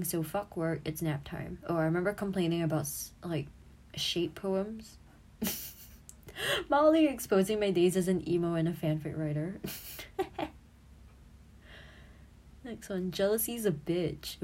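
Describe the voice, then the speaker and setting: Giggling as she looks back over her old posts, a twenty-something streamer and audio creator talks casually and curses without restraint. She has a lowish, warm-toned voice.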